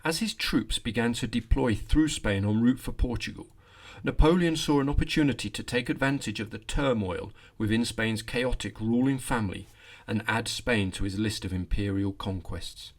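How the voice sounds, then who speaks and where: A man hosting a history podcast, narrating a scripted story with lively delivery and wry asides. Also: medium pitch, normal speed.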